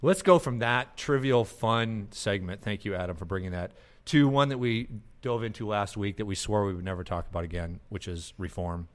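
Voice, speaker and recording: A man with a fairly low voice hosts a podcast. His talk is loose and chatty, and it is broken up by easy laughter. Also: moderate pace, hardly any pauses. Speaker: podcast host. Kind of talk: casual podcast chat.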